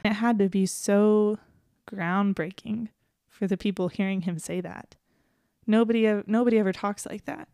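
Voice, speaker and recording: A woman of middle pitch co-hosts a casual faith podcast. She speaks earnestly, laughs easily and reads scripture aloud. The recording is dry and close. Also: steady tone, moderate pace, dark tone, no echo. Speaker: podcast co-host.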